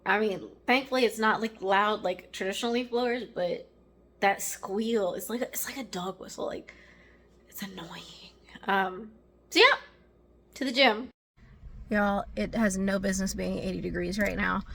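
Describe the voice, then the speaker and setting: A woman's voice: mid-range voice, normal speed, fairly bright tone. A woman hosting a casual vlog, chatting to viewers in a rambling, friendly way and calling them y'all and guys. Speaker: vlog host. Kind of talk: casual vlog chat to camera.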